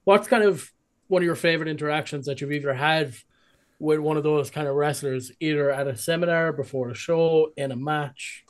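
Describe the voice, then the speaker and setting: A podcast host, a man with a slightly high voice, asks his guest long, wandering questions. He pads them with many filler words and circles before landing on the point. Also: brisk. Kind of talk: interview questions.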